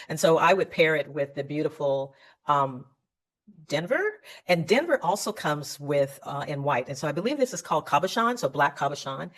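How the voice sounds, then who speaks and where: A woman presents jewelry in a chatty, enthusiastic live showcase. Her voice sits a little low for a woman. She stumbles over words and corrects herself often as she talks. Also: a bit bright. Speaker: jewelry seller.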